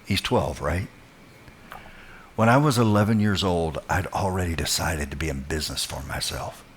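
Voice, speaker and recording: A middle-aged man speaks to a church congregation in an easy, chatty way, greeting people by name. His voice is low, with a faint layer of noise behind it. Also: moderate pace. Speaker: guest speaker. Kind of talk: motivational church talk.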